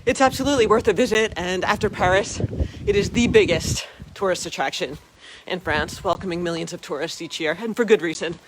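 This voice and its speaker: A woman's voice: lowish voice, a little fast, hardly any pauses, slight background noise. A woman narrating a live walking tour outdoors, chatty and upbeat, speaking to viewers directly from a phone she carries as she walks. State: out of breath from climbing steps. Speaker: tour guide vlogger. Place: outdoors on a hilltop village. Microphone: phone held while walking.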